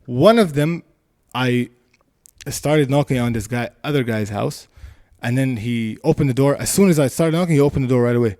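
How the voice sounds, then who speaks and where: A man telling a story in casual podcast chat, animated and laughing, acting out voices. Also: medium pitch, moderate pace.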